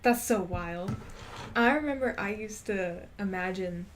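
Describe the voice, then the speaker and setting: Giggly woman chatting slowly. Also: mid-range voice, a little hiss or hum. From Texas. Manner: giggly, rambling, laughs often. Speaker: streamer. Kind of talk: casual chat while gaming.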